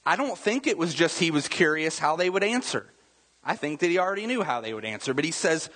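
A man delivers a sermon in a conversational style and keeps asking his listeners "right?" His voice sits a little high and sounds husky. It rings out with a long reverb from the hall. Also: big pitch swings, normal speed, fairly bright tone. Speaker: pastor.

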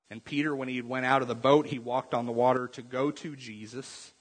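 A man preaching a sermon, animated and conversational, asking his congregation questions and dropping to quiet intensity on key points. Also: medium pitch, normal speed, few pauses, husky. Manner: asks the congregation direct questions. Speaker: pastor. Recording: long hall reverb.

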